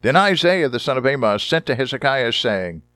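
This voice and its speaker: A man preaching a sermon, reading Bible passages dramatically and deliberately and adding short wry comments. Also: mid-range voice, big pitch swings, bright, forceful tone, dry recording, clean studio sound. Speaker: Bible teacher.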